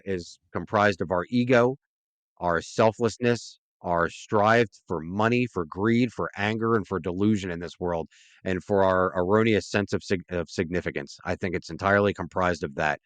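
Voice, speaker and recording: A man's voice: low voice, normal speed, clean tone, dry recording. A man, a podcast guest, talking earnestly and at length in a casual interview, often checking in with "right?".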